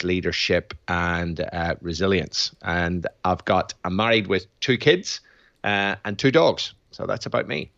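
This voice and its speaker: Belfast man, low, dull lo-fi sound. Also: a bit bright, dry recording. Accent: Northern Irish, Belfast. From Northern Ireland. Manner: rambling, repeats words when starting sentences. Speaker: guest, physiologist and former military aviator. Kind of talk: casual interview chat.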